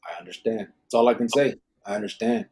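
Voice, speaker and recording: Male podcast host, dark mellow tone, blunt and profane, talks straight. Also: lowish voice, lively intonation, quick pace. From Arizona, USA. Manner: blunt and emphatic, heavy swearing, slang. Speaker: podcast host, former gang member. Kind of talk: live podcast talk, reading viewer comments.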